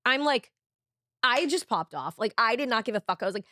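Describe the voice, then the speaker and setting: A young woman co-hosting a podcast, telling a story in a casual, animated way, swearing a lot and saying "like" often. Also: fairly high pitch, fairly quick, dry recording, studio quality. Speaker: podcast co-host.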